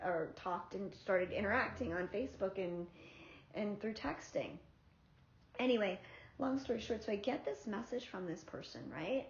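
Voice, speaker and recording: A woman vlogger from South Florida telling a personal story in a candid, profane, animated way. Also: medium pitch, normal speed, a little hiss or hum. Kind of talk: casual storytelling. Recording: roomy, slightly dull sound.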